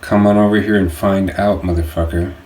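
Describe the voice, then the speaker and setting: A calm, menacing spirit wearing a young girl's body, voiced by a man. She speaks with flat, quiet certainty in a very low, even voice. The storybook reading sounds distant and roomy, with faint noise behind it. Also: fairly quick, close to an everyday voice. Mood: cold calm. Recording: echoey room, distant mic, faint noise.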